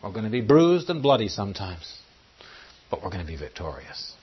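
A low-voiced man preaching a sermon, with a husky grain to his voice. He teaches through the verses and keeps asking his listeners questions. The recording is muffled and lo-fi. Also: sing-song, brisk. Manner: teaching Bible study, engaging the audience with questions.

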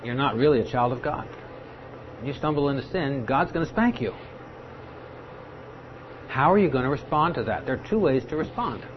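A man's voice: medium pitch, animated, moderate pace, pauses often, slight background noise. A man teaching a Bible study, explaining patiently and now and then acting out the people he quotes. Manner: explanatory, acts out quoted speakers. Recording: dull lo-fi recording with faint ambience.

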